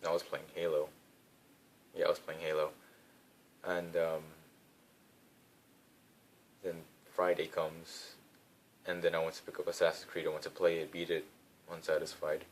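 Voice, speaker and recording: A young man with a deep, low voice recaps his days in a loose, rambling way, full of "like" and "you know". He talks into a phone mic, with a faint rumbling hiss underneath. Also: monotone, moderate pace, pauses often. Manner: rambling, filler-heavy storytelling. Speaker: vlogger. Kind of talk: casual chat.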